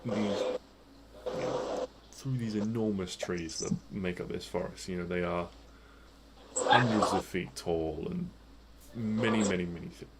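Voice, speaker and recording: A man running a tabletop game, speaking in a fairly low voice. He narrates the scene at an easy pace with plenty of fillers, and there is clear noise behind him. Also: normal speed. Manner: relaxed, rambling description with many fillers. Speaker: game master.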